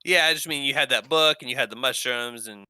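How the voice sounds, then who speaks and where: A man's voice: medium pitch, fairly quick, pushed and bright, clear, resonant tone, no room sound. A man talking in character as a tabletop player, reasoning aloud at length.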